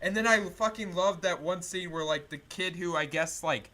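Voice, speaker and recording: A young man chatting on a podcast, excitable and profane, with many fillers. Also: sits high, normal speed. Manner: excitable, profane, lots of likes. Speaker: podcast co-host. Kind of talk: casual chat.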